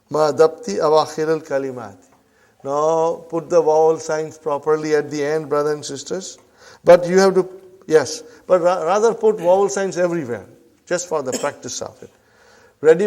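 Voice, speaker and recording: A man leads a classroom language lesson in a slightly higher than usual voice. He says each phrase slowly and repeats it, then stops often to ask his students if they follow. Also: a little mellow. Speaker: Arabic language teacher.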